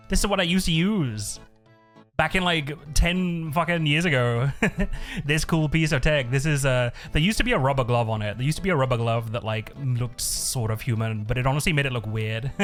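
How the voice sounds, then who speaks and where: During his live stream, this man rambles through casual chat, cursing frequently and laughing often. His voice sits at a medium pitch with a fairly bright tone, and faint looping music plays behind him.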